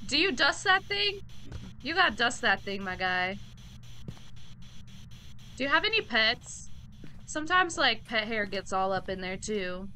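A woman live-streaming a game, with a clear, bright tone and an unhurried, drawn-out way of talking. She chats casually with her viewers in loose slang and hums to herself between remarks. Her voice sits a touch higher than most women's. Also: a little hiss or hum. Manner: chatty, relaxed, hums idly between remarks; slangy, talks straight to chat.

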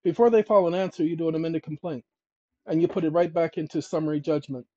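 Speaking fast at a fairly high pitch with fairly even intonation, this man hosts a channel where he walks viewers through legal procedure. He's emphatic and chatty, addresses the audience as ladies and gentlemen, and muses aloud while reviewing documents, all on a dull, dry lo-fi recording.

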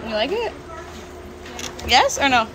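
Mom vlogger, very high lively voice, slow sing-song baby talk, loud outdoor noise on a phone camera. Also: female voice. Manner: cheerful baby talk, frequent laughter. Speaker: mother filming a family outing. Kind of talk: casual family vlog. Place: outdoors at a farm with slides and apple picking.

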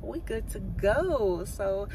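A woman's voice: medium pitch, animated, slow, background noise. A young woman with a Southern American accent, chatting casually to her camera as a vlogger and calling her viewers y'all. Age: young adult. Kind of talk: casual vlog chat to camera.

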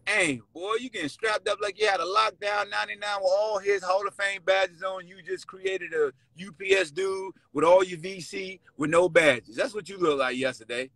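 A man hosting a sports podcast with a Virginia accent, taunting and shouting at players in casual trash talk. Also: sits high, moderate pace, gravelly, few pauses, no echo, rough recording. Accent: Virginia (757 area). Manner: loud, taunting, animated, shouts and laughs. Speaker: podcast host.

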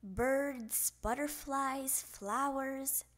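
A woman's voice: high-pitched, very slow, a bit bright. A woman reading a picture book aloud for children, playfully speaking the sound effects. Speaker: storybook reader.

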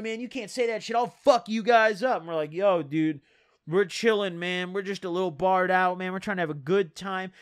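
A man's voice: high-pitched, fairly bright tone, dry recording, studio quality. A young man telling a rambling story in casual slang, full of "dude" and "bro". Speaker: storyteller vlogger.

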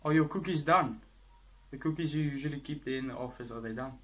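A man playing a pushy, loud South African cousin in a comedy sketch, rambling and blustering with a South African accent. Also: medium pitch, quick pace, pitched above the performer's own voice, lightly acted.

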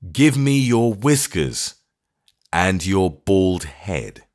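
A man playing a stern, deliberate eccentric. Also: sing-song, a little mellow, heavily acted. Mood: stern, cool. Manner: low, slow, deliberate.

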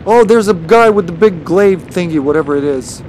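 A man's voice: sits high, expressive, a little fast, a little mellow, slight background noise. A man streaming a video game, chatting casually and playfully, often laughing at himself. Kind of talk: casual gameplay commentary.

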